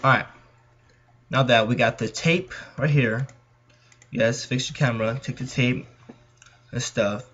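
A man's voice: medium pitch, fairly even intonation, a little slow, long pauses, a bit bright, breathy edge. A young man with a Californian accent, chatting nervously to viewers as he plays through a horror game. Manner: jittery, chatty, talks to viewers. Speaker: gaming channel host. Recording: dull lo-fi mic.

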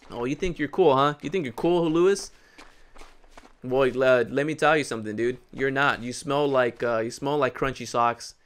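A young man giving loud, jokey live commentary on his own video game play, trash-talking the players and repeating words in excited bursts. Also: medium pitch, smooth. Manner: hyped, jokey, trash-talks the game characters. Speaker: gaming YouTuber.

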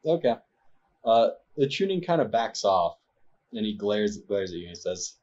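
A low-voiced man narrates a tabletop game as its game master, often pausing on fillers. His mic sounds dull and lo-fi. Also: sing-song, a little mellow, a little hiss or hum. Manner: hesitant, filler-heavy narration.

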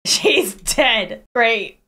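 A young woman gaming YouTuber doing let's-play commentary with emotional, loud reactions. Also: fairly high pitch, expressive, drawn-out words.

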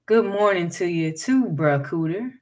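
A woman's voice: on the low side, expressive, measured pace, a little mellow. A woman reading a folktale aloud and voicing an earnest, eager enslaved man who talks too much.

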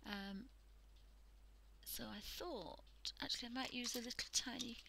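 A woman's voice: a little high, measured pace, gravelly, noisy background. A woman from the UK hosting a live art stream, talking casually and often half-whispering as she demonstrates drawing. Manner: soft, often half-whispered while working, chatty with fillers. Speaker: art livestream host.

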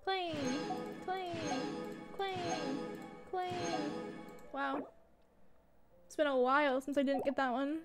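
A young woman streamer chats casually to herself while playing a game, swearing whenever she loses. Her high voice stays fairly even, moving slowly with long pauses, with music behind her. She's on a desk mic, wearing headphones, in a casual gaming livestream.

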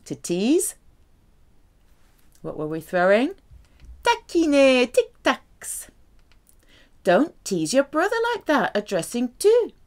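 Woman teaching french vocab, slow and careful, voice going up and down a lot. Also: sits high. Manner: slow, careful, lively delivery with drawn-out French examples. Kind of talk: language lesson.

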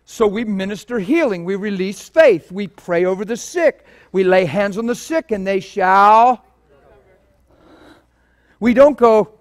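A man preaching a sermon in a church, telling stories in an animated way and swinging from quiet talk to loud bursts. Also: sits high, unhurried.

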